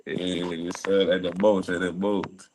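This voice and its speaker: A man guesting on a live stream interview, relaxed, polite and dryly humorous. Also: low voice, measured pace, slight background noise. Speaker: rapper, guest. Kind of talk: casual interview chat.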